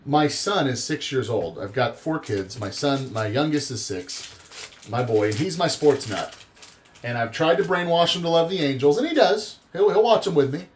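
Chatty, animated man hosting a live stream. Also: fairly high pitch, normal speed, slight background noise. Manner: chatty, rambling storyteller. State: tired after a long day. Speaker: host of live card breaks. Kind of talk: casual live-stream commentary.

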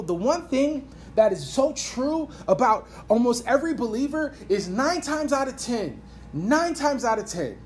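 A woman's voice: a little high, darkish tone, slight background noise. A woman pastor preaching a sermon and praying aloud, earnest and repeating phrases for emphasis. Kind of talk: sermon with prayer. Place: church. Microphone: reading from an iPad.

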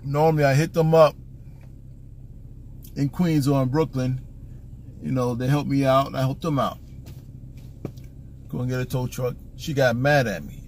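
A man's voice: medium pitch, fairly even intonation, a little slow, pauses often, a little mellow, a little hiss or hum. A man telling a story as a casual, profane rant in a car, exasperated and acting out the back-and-forth dialogue. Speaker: vlogger.

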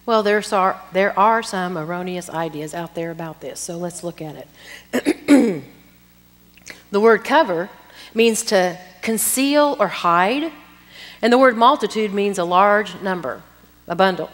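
Middle-aged woman speaker, animated sermon, asides to the audience, long hall echo. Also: mid-range voice, measured pace. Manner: lively teaching with asides to the audience. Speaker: women's conference speaker. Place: conference hall.

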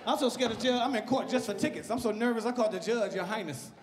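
A male stand-up comedian performing live on a club stage, animated and loud, often laughing at his own jokes. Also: very high voice, fast talker. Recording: echoey live club with crowd noise.

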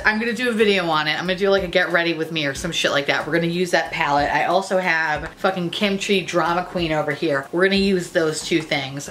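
A young woman reviewing makeup in a casual vlog, excitable and profane, gushing over products. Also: on the low side. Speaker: beauty YouTuber.

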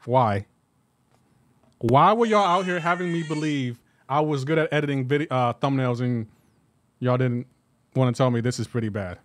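A man livestreaming gameplay and chatting with his viewers, animated and incredulous and laughing often. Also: medium pitch, moderate pace, pauses often. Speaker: gaming livestreamer. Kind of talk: live gameplay commentary with chat.

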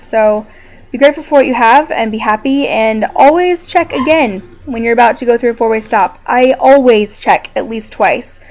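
A young woman talking casually to her viewers from home while injured and in pain, rambling but upbeat. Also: fairly high pitch. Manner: chatty, rambling, quietly upbeat despite pain. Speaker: video blogger. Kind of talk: casual personal vlog. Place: downstairs room at home.

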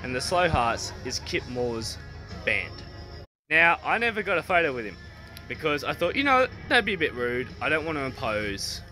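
An Australian man casually vlogging into his phone at an outdoor festival, chatty and quick to swear and laugh. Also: a little high, sing-song, pushed and bright, soft background music. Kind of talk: casual selfie vlog. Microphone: phone held at arm's length.

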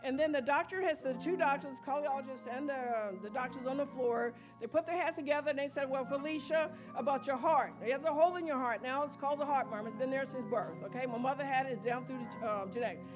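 High-voiced woman testifying over church music. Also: quick pace, few pauses. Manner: rambling, excited storytelling with quoted dialogue. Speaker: church member giving testimony. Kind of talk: spoken testimony at a worship service. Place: church sanctuary.

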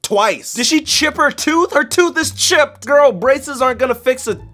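High, lively man doing jokey reactions. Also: moderate pace. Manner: animated, joking, exclamatory. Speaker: YouTube host. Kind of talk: reaction commentary.

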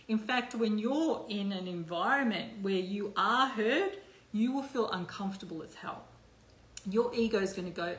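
A woman's voice: medium pitch, roomy sound. A woman hosting a casual live stream, chatting loosely with lots of fillers and the odd swear word.

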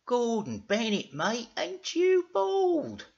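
A man's voice: extremely high pitch, wildly swooping pitch, slow, gravelly, a little mellow, pitched above the performer's own voice, full character voice. A man voicing a cocky, scheming male cartoon dog with a brash, swearing manner, on a dull lo-fi recording. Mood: cheeky.

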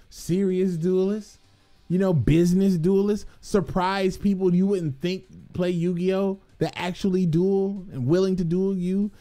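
Brief: a laid-back, foul-mouthed male gaming creator who talks slowly and bursts into laughs, with soft music under him. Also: high-pitched. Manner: profane, excitable, laughs often, streetwise slang. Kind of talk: casual rambling talk to viewers.

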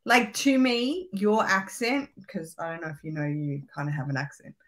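A woman chatting casually as a guest on a livestream over a video call, animated and laughing. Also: fairly low pitch, normal speed.

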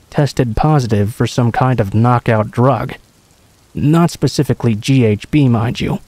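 Man narrating horror stories, mellow voice. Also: mid-range voice, dry recording. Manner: calm, conversational storytelling. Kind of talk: scripted narration.

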